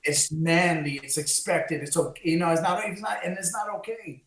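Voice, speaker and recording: On a candid podcast, a Bronx, New York co-host speaks in an impassioned, preachy way and mixes in Spanish phrases. His voice is fairly high and a bit bright at a moderate pace, with a roomy echo in the recording.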